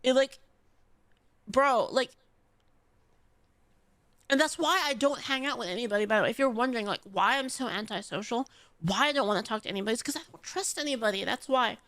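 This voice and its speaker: A woman with a fairly high voice, rambling through an emotional, profane livestream monologue. Her talk is casual and full of fillers. The recording is dry and close, with no room sound. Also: fairly quick, long pauses, fairly bright tone, no echo. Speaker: streamer.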